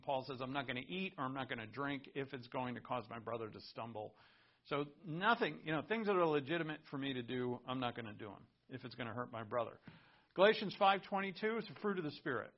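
Male pastor, gravelly mid-pitched voice, animated conversational sermon, dull lo-fi recording. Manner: animated, conversational preaching with asides and laughs.

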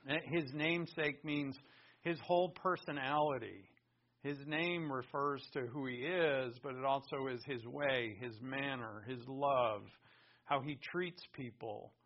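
A male pastor preaching a sermon, emphatic, swinging from loud stresses to hushed words. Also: medium pitch. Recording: dull lo-fi recording.

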